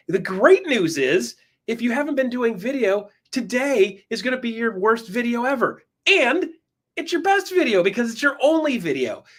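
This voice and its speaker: A man coaching real estate agents in an enthusiastic, emphatic motivational talk, swinging his pitch up and down. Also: fairly bright tone, husky.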